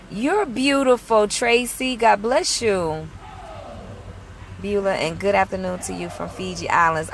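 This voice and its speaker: A woman's voice: medium pitch, moderate pace, slight background noise. A woman ministry leader chatting casually on a livestream from a parked car outside a mall, greeting viewers by name and blessing them.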